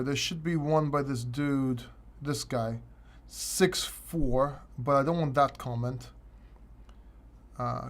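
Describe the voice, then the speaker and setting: A man hosting a livestream question-and-answer session, talking casually and rambling with frequent restarts. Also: mid-range voice. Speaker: crypto channel host.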